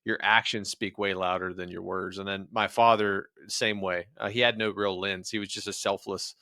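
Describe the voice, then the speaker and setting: A man's voice: sits low, little pitch movement, moderate pace, sharp tone, no echo, clean studio sound. A man from rural West Virginia who hosts an interview show, speaking plainly and telling stories from his own life. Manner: plainspoken, tells personal stories. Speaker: podcast host. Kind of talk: casual interview talk.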